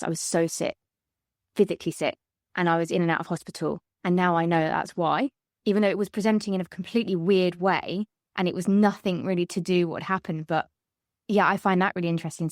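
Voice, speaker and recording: A woman hosting a podcast in a candid conversation, open and chatty, laughing easily with quick asides. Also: fairly low pitch, no room sound, studio quality. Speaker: podcast host.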